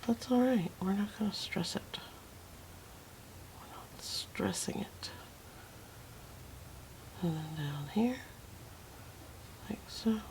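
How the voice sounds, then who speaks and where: Her voice mid-range, a woman guides viewers through watercolor painting while murmuring to herself, frequently slipping into a whisper as she works. Soft and relaxed, she keeps adding small asides. There is a little hiss or hum in the recording.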